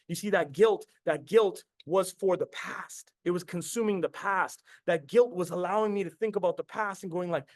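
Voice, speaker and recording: Man, thirties, from Canada, motivational storytelling, intense and repetitive, swears a lot, somewhat high voice. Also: a little fast, hardly any pauses, no room sound. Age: 30s. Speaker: podcast host and business coach.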